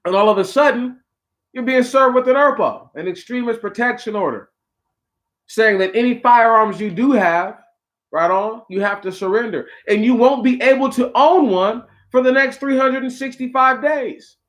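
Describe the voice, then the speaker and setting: Brief: male talk host, higher-pitched voice, preachy casual monologue, slangy asides to listeners. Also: normal speed, fairly bright tone. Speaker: podcast host.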